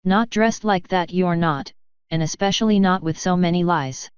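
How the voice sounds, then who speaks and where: A woman's voice: on the low side, moderate pace, clear, resonant tone, dry recording, muffled recording, natural voice. A woman reading a cold, cutting male courtier. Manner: calm, cutting, patronizing. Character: cool, contemptuous male courtier.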